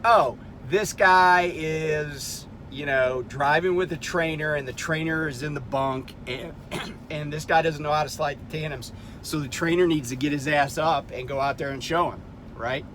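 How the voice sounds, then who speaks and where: A blunt middle-aged man recounts a run-in at a truck stop in a casual, exasperated way, swearing freely. His voice sits a bit high for a man. A faint rumble of vehicles carries through the outdoor recording. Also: steady tone, a little slow, a bit bright. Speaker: truck driver vlogger. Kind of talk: casual storytelling rant.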